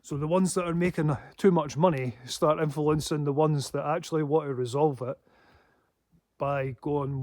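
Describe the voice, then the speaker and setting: A man's voice: on the high side, steady tone, normal speed, a little mellow, no echo, clean studio sound. A man rambling in a casual vlog monologue, swearing often and breaking into laughs. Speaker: paranormal vlogger.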